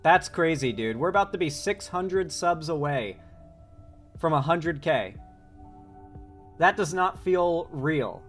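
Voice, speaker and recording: A man's voice: a little high, slow, long pauses, soft background music. A man from Florida chatting casually on a live stream, rambling and swearing, with a sore throat. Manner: rambling, profane, excitable. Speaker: political commentary streamer.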